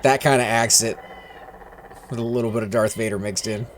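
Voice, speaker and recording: A man's voice: fairly low pitch, steady tone, brisk, slight background noise. A man hosting a gaming video, chatting casually and joking with a friend while he plays. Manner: laid-back, joking, musing aloud. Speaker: gaming channel host. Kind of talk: casual chat while playing a game. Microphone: desk microphone.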